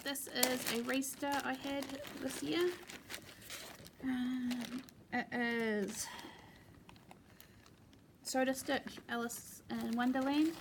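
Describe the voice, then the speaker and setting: Kiwi woman chatting away at home, a bit high, lots of vocal fry, faint hiss behind. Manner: chatty, relaxed, with many ums and asides. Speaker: cross-stitch vlogger. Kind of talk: casual show-and-tell chat.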